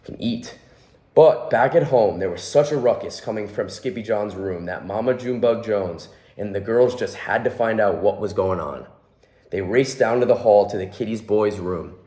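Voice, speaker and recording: A young man with a fairly low voice reads a picture book to children. He pauses to point out what is happening in the pictures. The recording is roomy and echoing. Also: dark tone. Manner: adds friendly asides about the pictures. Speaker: children's hospital volunteer reader. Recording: echoey room.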